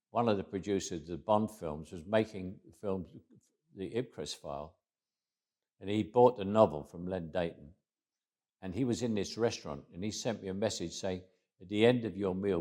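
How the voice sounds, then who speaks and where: A man, telling stories in an interview, repeating words as he restarts and trailing off quietly at the ends of phrases. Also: sits low. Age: 80s. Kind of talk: anecdotal storytelling.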